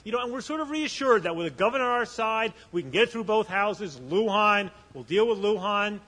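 A man's voice: high voice, animated, fairly quick, sharp tone, big-room sound. A man speaking on a panel at a conference, telling a story with animation and often restarting his sentences. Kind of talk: conference talk.

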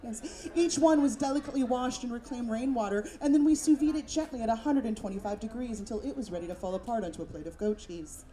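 A woman voicing a precious, soft-spoken male waiter who earnestly explains a dish during a stand-up set. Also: fairly high pitch, fast, hardly any pauses, lightly acted, poor audio. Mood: serene. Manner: hushed, earnest, serene. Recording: live club with audience.

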